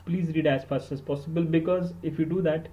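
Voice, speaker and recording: A man's voice: a little high, fairly even intonation, fairly quick, dark tone, lo-fi sound. A man with an Indian accent giving study tips in an earnest, emphatic way, slipping into Hindi and repeating words for stress. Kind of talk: instructional podcast talk.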